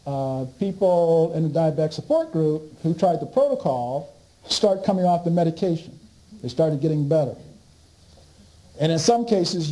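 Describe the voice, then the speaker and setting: A man giving a lecture, telling an animated story and laughing along with it. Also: on the high side, rough recording.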